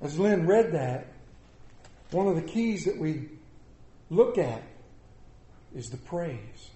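High-voiced folksy preacher in an echoey church. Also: male voice, takes it slowly. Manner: folksy, animated preaching with humor. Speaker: pastor. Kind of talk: sermon. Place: church sanctuary.

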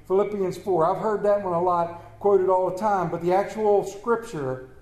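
High-voiced man preaching in an echoey room. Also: normal speed, a little mellow. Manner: folksy, conversational preaching with Bible readings. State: slightly swollen lip, stumbles over words. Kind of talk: sermon.

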